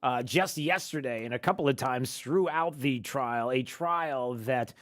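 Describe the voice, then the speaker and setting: A man hosting a talk radio show, talking in a sarcastic, animated way. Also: mid-range voice, unhurried.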